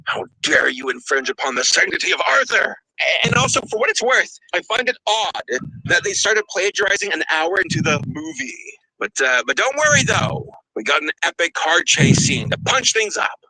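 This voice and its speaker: Man, comedic review narration, exasperated and sarcastic, sharp bright tone. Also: sits high, expressive, normal speed, dry recording, poor audio. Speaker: video reviewer.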